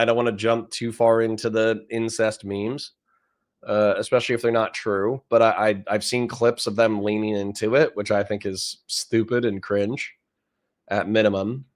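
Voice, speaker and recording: A man's voice: fairly low pitch, fairly bright tone. A young man streaming, reading out chat and reacting with blunt, profane commentary that repeats phrases for effect. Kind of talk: casual livestream commentary.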